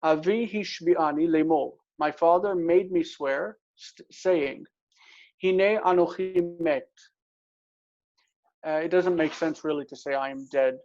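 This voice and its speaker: A man teaching a casual Hebrew grammar lesson, explaining step by step and repeating words slowly. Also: on the high side, darkish tone. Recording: dull lo-fi recording.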